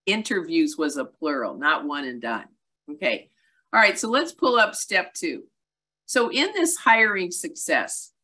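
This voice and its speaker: A middle-aged woman giving a webinar as a real estate coach, talking in a brisk, emphatic way with self-deprecating asides. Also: mid-range voice, bright, forceful tone. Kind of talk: webinar presentation.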